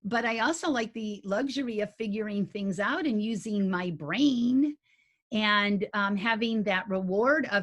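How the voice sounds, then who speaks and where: A woman's voice: medium pitch, a little slow. Folksy woman teaching dog agility. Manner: folksy and animated, with homey grammar. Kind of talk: conversational teaching talk.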